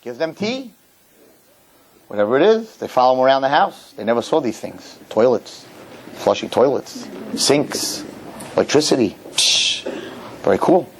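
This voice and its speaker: A rabbi giving a lecture, telling a funny story and acting out its characters before drawing a lesson. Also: male voice, mid-range voice, moderate pace, pauses often, a little hiss or hum, low-quality recording. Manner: animated storyteller, jokes, acts out characters. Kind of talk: humorous sermon lecture.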